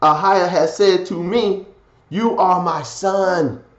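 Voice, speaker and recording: A man preaching a fiery scripture sermon, swinging from loud declaiming to low muttered asides. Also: steady tone, takes it slowly, reverberant, muffled recording.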